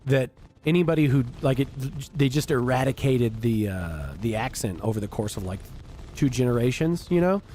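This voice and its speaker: Animated, swearing male gamer on stream. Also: mid-range voice, moderate pace, slight background noise. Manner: profane, blunt and ranting. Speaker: streamer playing a space game. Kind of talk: casual gaming chat.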